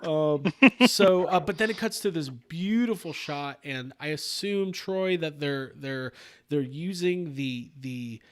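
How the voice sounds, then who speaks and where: A man hosts a casual late-night chat, rambling through his points with plenty of fillers and restarts. His voice sits a little high for a man. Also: slow pace. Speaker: podcast host.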